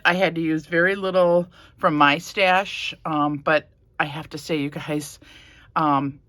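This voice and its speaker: A woman vlogger casually showing a handmade journal, soft-spoken and a little emotional, rambling with fillers. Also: low voice, no echo. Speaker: crafting vlogger. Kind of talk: casual show-and-tell.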